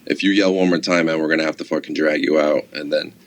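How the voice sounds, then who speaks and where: A man's voice: rumbling low, fairly even intonation, quick pace. A man guest on a podcast, telling stories in a casual, profane way with lots of fillers. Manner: casual, profane, laid-back storytelling with many fillers. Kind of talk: casual chat.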